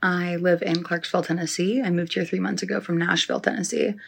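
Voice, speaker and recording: Gravelly woman leaving a rambling voicemail. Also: on the low side, fairly even intonation, fast talker. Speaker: caller, barber. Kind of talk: voicemail question.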